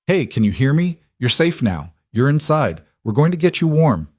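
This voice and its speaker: A man voicing a gentle, firm young woman. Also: on the high side, sing-song, normal speed, no room sound, clean studio sound, voice pushed up. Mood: reassuring. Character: calm capable young woman diner worker.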